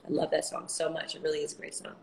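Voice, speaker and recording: A woman's voice: low voice, completely flat delivery, rapid-fire, creaky, a little mellow, slight background noise, poor audio. A woman, a singer hosting her own livestream, chatting casually and playfully between songs, swearing and laughing easily.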